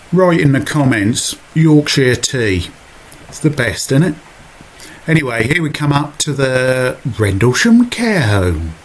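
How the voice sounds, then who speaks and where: A man with a Suffolk accent rambles through his own video in an unhurried, conversational voiceover. He pokes fun at himself and drifts into asides, at a middling pitch, with a faint hiss underneath. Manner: chatty, self-mocking, rambling asides. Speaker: vlogger. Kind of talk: casual narrated voiceover.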